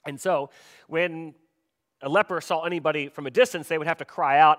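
Guy preaching a sermon, kinda high voice, talks like a chat, keeps asking the crowd stuff. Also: steady tone, brisk, a bit bright. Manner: conversational, asks the congregation questions. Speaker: pastor.

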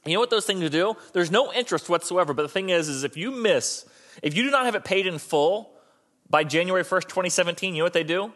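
A man's voice: high-pitched, expressive, fast talker, fairly bright tone. A man preaching a conversational, joking sermon, often restarting his sentences mid-thought. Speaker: pastor.

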